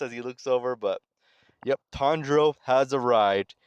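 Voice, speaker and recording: A man casually recapping a comic story in relaxed, conversational commentary. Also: medium pitch, normal speed, smooth, no echo, lo-fi sound. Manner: relaxed, conversational, reads characters' lines aloud in his own voice. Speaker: manga recap channel host.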